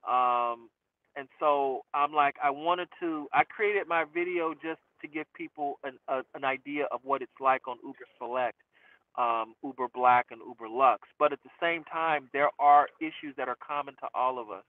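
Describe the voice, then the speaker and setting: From the driver's seat, a rideshare channel host talks casually to camera and responds to questions from viewers, chuckling at himself and letting sentences fade out with fillers. He has a mid-range voice and a moderate pace. The audio has no room sound and a thin, phone-like quality.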